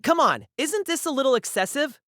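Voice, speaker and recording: A woman's voice: fairly low pitch, big pitch swings, normal speed, fairly bright tone, no echo, studio quality. A woman voicing an anxious young man who talks in sarcastic, nervous quips, read as an audiobook character. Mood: wry.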